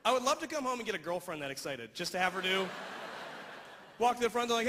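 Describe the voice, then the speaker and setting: A man's voice: high voice, very animated, a bit bright. A male stand-up comedian ranting on stage into a handheld mic and tossing out "all right?" between jokes. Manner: rapid rant with repeated "all right?". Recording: reverberant hall, faint noise.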